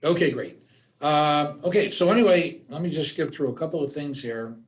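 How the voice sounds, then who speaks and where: A man's voice: on the high side, normal speed. A man teaching a suicide awareness workshop, giving direct instructions and repeating his key points for emphasis. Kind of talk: workshop presentation.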